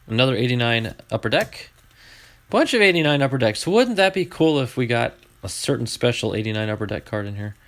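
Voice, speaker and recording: A man hosting a casual card-opening stream, chatting to his viewers as he flips through each card. His pitch rises and falls a lot, and he gets excited over good pulls. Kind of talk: live card-opening chat.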